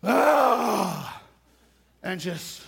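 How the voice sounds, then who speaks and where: A man's voice: high-pitched, big pitch swings, very slow, gravelly, a bit bright, husky. A man preaching a sermon, emphatic and repetitive, with touches of humor.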